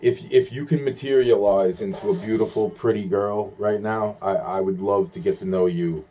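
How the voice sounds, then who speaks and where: Young guy cussing nonstop, low mellow voice, keeps restarting sentences. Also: fairly even intonation, normal speed. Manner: profane, rambling, with many restarts and quoted asides. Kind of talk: rambling monologue to camera.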